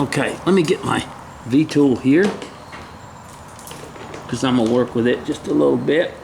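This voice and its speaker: Gravelly folksy man teaching woodcarving. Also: mid-range voice, normal speed, long pauses, noisy background. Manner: folksy, hums and mutters while working. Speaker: woodcarving instructor. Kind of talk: casual step-by-step demonstration.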